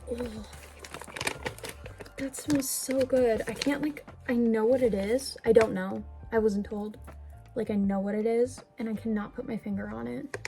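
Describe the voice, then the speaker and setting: Gushing young woman vlogger, mellow voice. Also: fairly high pitch, fairly even intonation, measured pace, soft background music, low-quality recording. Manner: gushing, chatty, many fillers and apologies. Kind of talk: casual vlog unboxing. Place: indoors at home.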